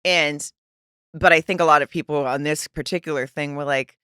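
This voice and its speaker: Earnest woman with a low bright voice. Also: fairly even intonation, normal speed, clean tone, no room sound, clean studio sound. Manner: earnest, hesitant, trailing off. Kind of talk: casual chat.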